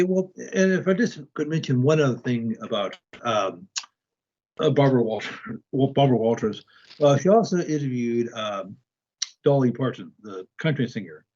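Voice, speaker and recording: A man with a mid-pitched, ordinary voice tells stories as a guest. He hesitates often and restarts his sentences. The audio is dull and lo-fi. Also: a little mellow. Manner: hesitant, many ums and restarts. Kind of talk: casual conversation.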